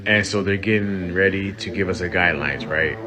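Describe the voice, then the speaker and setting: A man's voice: low-pitched, brisk. A man talking in an urgent, conspiratorial way. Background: music.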